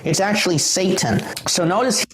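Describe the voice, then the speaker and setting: A man preaching and explaining scripture with insistent emphasis, his voice a bit high for a man. The recording echoes around the room and has background noise under it. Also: animated, normal speed, fairly bright tone. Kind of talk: Bible teaching lecture.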